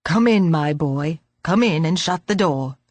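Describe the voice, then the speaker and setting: A woman's voice: low-pitched, expressive, unhurried, a little mellow, dry recording. A woman reading an audiobook, voicing a very old man who speaks dryly and fretfully. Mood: kindly. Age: older. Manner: dry, fretful.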